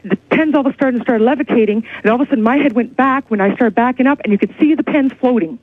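High husky woman on a phone line. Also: quick pace, dry recording. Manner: breathless, rambling storytelling. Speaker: caller. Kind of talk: call-in radio chat. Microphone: telephone.

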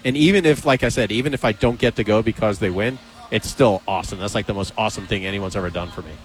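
Excitable male sports-radio host. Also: lowish voice, fast, soft background music. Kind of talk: casual sports chat.

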